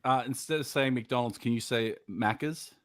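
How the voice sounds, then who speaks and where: Australian man, podcast co-host, casual rambling chat, frequent restarts, average pitch. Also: normal speed.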